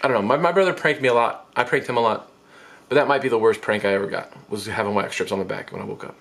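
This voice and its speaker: Brief: a man in his 20s, comic storytime vlogger, lively and self-mocking, quick squeaky jumps in pitch for quotes. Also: gravelly.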